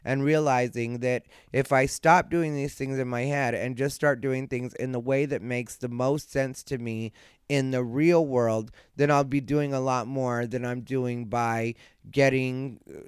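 A man hosting a solo podcast at night, rambling in a laid-back way, sleepy and yawning, with a slight lisp, talking from a dark room at home. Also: medium pitch, steady tone, a little slow, clean tone, dry recording, clean studio sound. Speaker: podcast host and comedian. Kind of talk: casual solo podcast monologue. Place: dark room at home, lying beside his dog.

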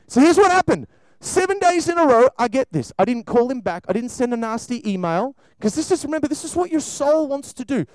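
A man preaching an animated sermon to children and a congregation, acting out voices as he goes. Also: extremely high pitch, a little fast, no room sound, poor audio. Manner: animated, acts out voices, shifts between loud and soft.

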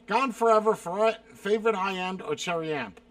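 A man with a high, fairly bright voice reads viewer questions at a moderate pace on a dry recording. He's from South Carolina and, in this casual stream chat, shoots back profane one-word answers with exasperated outbursts.

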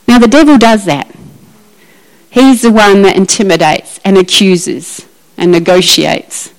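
A woman preaching a lively, emphatic sermon and acting out Bible scenes. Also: medium pitch, unhurried, rough recording.

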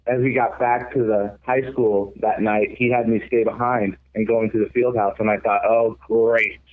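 A man's voice: fairly low pitch, fairly even intonation, moderate pace. Earnest young man on a tinny line. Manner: earnest, reflective storytelling. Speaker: guest, former college baseball pitcher. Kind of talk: storytelling interview.

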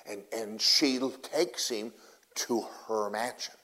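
A man preaching a sermon in a casual, folksy way, telling a story and swinging between loud bursts and hushed asides. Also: on the low side, fairly even intonation, slow pace.

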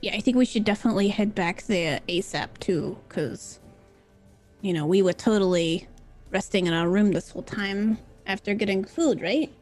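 A woman's voice: medium pitch, normal speed, a little mellow, faint music behind. A woman player in a tabletop game, chatty and casual. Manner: chatty and giggly.

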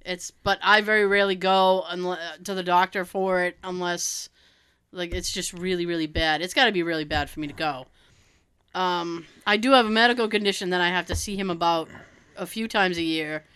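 A woman's voice: lowish voice, normal speed, clear, resonant tone, dry recording. A woman co-hosting a podcast in casual chat, telling stories with plenty of swearing and acting out what other people said. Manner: animated storyteller, swears freely, acts out quoted dialogue. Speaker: podcast co-host.

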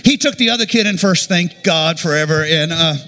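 A man's voice: fairly high pitch, fairly quick, soft background music. A middle-aged man preaching a sermon, telling a funny childhood story and acting out the voices in it. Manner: animated, jokey, acts out quotes. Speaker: pastor.

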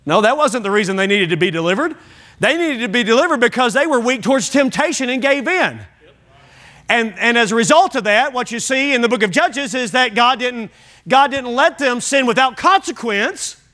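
Male pastor, high bright tone, emphatic sermon delivery, engages the congregation directly. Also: animated, normal speed. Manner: emphatic preaching with repetition. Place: church sanctuary.

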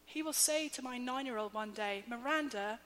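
A woman in her thirties preaching a sermon, slow, measured and emphatic, with soft quiet dips. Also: fairly high pitch. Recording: long hall reverb, faint hum.

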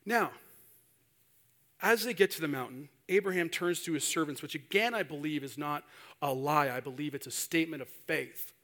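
A man's voice: a little high, normal speed, a bit bright. A male preacher giving a sermon, telling a story animatedly and acting out the voices of the people in it.

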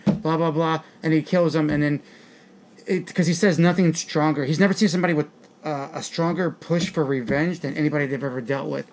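Guy rattling off a movie plot super quick, kinda high voice, rambly and crude. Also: fairly even intonation, darkish tone. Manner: rambling, crude jokes, bursts of laughter. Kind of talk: casual movie discussion chat.

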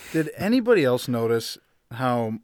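Man, middle pitch, laid-back podcast banter, dry sound. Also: very animated, moderate pace, darkish tone, no room sound. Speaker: podcast co-host. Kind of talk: casual movie review chat.

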